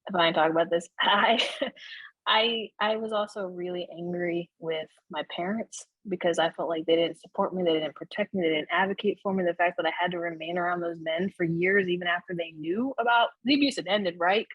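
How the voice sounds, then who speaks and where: A woman speaks candidly as an interview guest, her low voice slightly husky. She talks in an animated, conversational way and checks in with "right?" as she goes. The sound is dry and close. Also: fairly quick, no room sound, dull audio. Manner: animated, frequent "right?" tags and laughs. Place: Florida.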